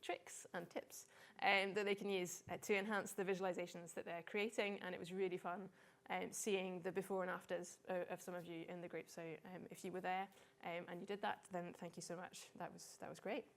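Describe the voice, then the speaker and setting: A woman's voice: lowish voice, flat delivery, fairly quick, few pauses. A woman in her forties, a data visualization consultant, giving a chatty, self-deprecating conference talk with frequent "um" fillers.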